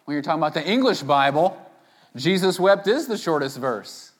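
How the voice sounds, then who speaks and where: A man's voice: on the high side, expressive, normal speed. Emphatic man preaching a sermon. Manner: emphatic preaching that swings between loud stressed phrases and quiet asides; conversational, with playful asides to the congregation. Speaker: pastor.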